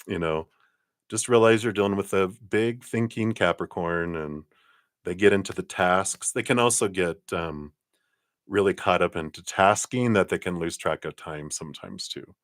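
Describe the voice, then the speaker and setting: A man's voice: deep voice, normal speed, dry recording, studio quality. A man giving a live-streamed tarot reading, chatty and laughing often, with lots of ums and you-knows. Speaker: tarot card reader.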